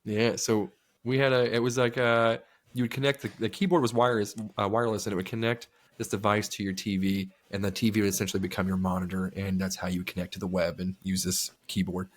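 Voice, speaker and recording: A man's voice: lowish voice, level tone, fast. A man in his thirties co-hosting a podcast, chatting casually in a rambling, profane way. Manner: rambling, swears freely. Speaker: podcast co-host. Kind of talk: casual chat.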